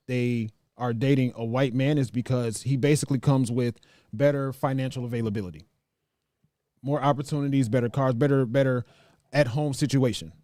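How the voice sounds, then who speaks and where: Mellow-voiced easygoing male host. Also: medium pitch, no echo, clean studio sound. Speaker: podcast host reading viewer comments. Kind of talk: casual chat.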